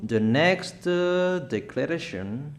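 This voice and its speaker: A male preacher delivers prophetic declarations in a deliberate, very unhurried cadence. His voice sits fairly high for a man, and he hammers each point home with emphatic repetition. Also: expressive. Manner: slow, emphatic, repetitive proclaiming.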